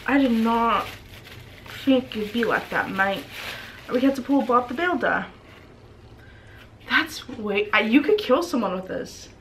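A young woman with a fairly high, lively, slightly bright voice speaks at a measured pace with frequent pauses, and a little hiss or hum is audible. She's casually vlogging at home, self-amused and chatty as she tests her new condenser microphone and talks to the setup.

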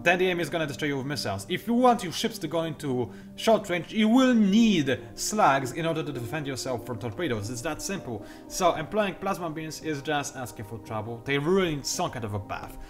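Fast-talking young man explaining game strategy. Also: on the high side, expressive, faint music behind. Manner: talks fast, self-admittedly; dry sarcastic asides. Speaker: gameplay tutorial host. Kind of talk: explanatory let's-play commentary.

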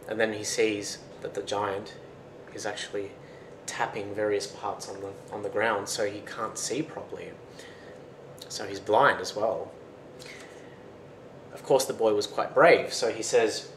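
A man's voice: fairly low pitch, normal speed. A man retelling a folktale in a casual, conversational way, in a roomy recording with faint noise. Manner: casual, conversational narration with fillers. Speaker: storyteller.

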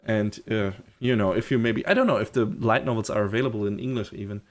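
A man co-hosting a podcast in casual chat, relaxed and hedging, laughing easily. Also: lowish voice, fast. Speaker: podcast co-host.

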